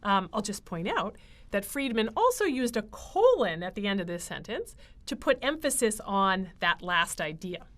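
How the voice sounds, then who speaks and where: Woman teaching a writing class, bouncy pitch, chatty with lots of uhs. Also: moderate pace. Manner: lively, explanatory, with frequent fillers. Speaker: writing instructor. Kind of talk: lecture.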